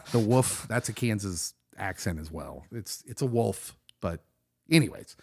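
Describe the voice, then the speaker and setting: A man's voice: on the low side, animated, unhurried. A man co-hosting a casual watch-along chat, talking in an enthusiastic, jokey way. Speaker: podcast co-host.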